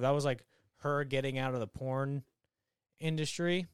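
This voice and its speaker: A young man talking casually with friends, rambling and joking crudely. His voice is a little high and smooth. The room sounds dry and close. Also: moderate pace, no room sound. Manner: rambling, profane, jokey. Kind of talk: casual chat.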